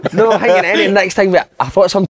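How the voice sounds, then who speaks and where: A man's voice: sits high, fairly even intonation, quick pace. A Scottish man hosting a podcast, talking in blunt, sweary casual banter and laughing often. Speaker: podcast host.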